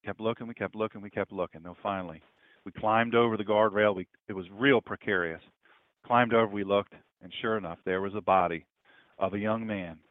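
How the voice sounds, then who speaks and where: A pastor telling a story in a sermon, his voice swinging between loud stretches and hushed ones. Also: lowish voice, steady tone, brisk, no echo, phone-quality sound.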